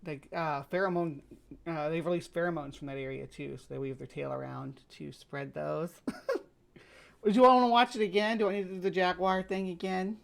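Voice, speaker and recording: A woman's voice: lowish voice, moderate pace, gravelly. An American woman hosting a reaction video, making skeptical, joking asides. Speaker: host. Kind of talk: reaction commentary.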